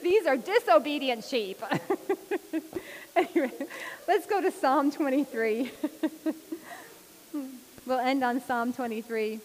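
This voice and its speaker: A woman giving an informal sermon, chatty and lively, laughing often as she talks. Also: high-pitched, a little slow, long pauses. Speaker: preacher. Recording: long hall reverb with faint hiss.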